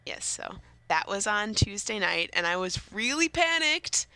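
A young woman co-hosting a casual chat show, talkative and quick to laugh, often restarting her sentences. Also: mid-range voice, big pitch swings, vocal fry, sharp tone, clear, resonant tone, no echo. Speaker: co-host.

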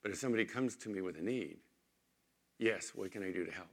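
A man preaching a sermon as pastor, conversational, moving between emphatic points and quiet storytelling in a church. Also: sits low, quick pace.

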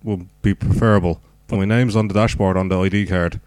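An Irish man co-hosting a podcast, deadpan and dry, repeating himself to make a point. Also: sits low, fairly quick, clear, resonant tone, no echo. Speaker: podcast co-host. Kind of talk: casual banter.

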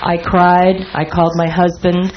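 Earnest low-voiced woman sharing. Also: little pitch movement, unhurried. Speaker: workshop participant. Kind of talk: personal account. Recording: dull lo-fi sound with faint noise.

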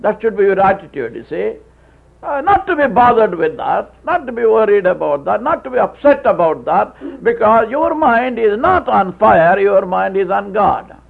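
A man preaching a sermon, with halting restarts, telling stories and acting out voices. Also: high voice, very animated. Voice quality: gravelly, husky. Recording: tinny phone-like old tape.

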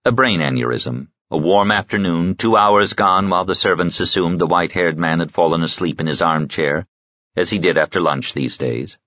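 Deep-voiced man reading an audiobook. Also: normal speed, a bit bright, no room sound. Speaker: audiobook narrator. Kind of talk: scripted narration. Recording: dry, dull lo-fi audio.

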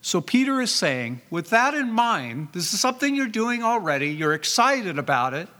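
A man with a high voice preaches a sermon to his congregation, stressing key words and asking rhetorical questions. His voice rings with a long reverb, as if it fills a large church hall. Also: sing-song, moderate pace, sharp tone. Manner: rhetorical questions, emphatic repetition, reads scripture aloud. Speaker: pastor.

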